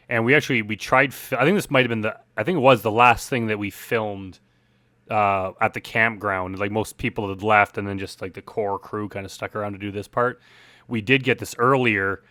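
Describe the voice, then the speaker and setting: A man talks casually through a commentary track on his own film, rambling and leaning on fillers. His low voice has a bright, forceful edge. The sound is close and dry. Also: dry recording. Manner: relaxed, rambling, heavy on "like" and "uh". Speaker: film director. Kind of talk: director commentary.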